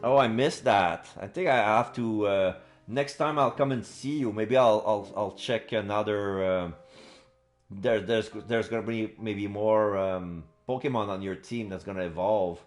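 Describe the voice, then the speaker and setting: Slow-talking male streamer, halting. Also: lowish voice. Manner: halting, many fillers, excitable. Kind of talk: casual live-stream chat.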